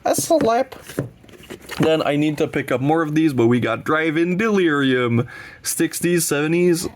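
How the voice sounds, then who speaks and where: A horror film collector who hosts a channel rambles casually and enthusiastically through his collection in a showcase vlog. His voice is fairly high and sniffly from allergies, at a normal speed, and he swears when he gets heated. There's slight background noise.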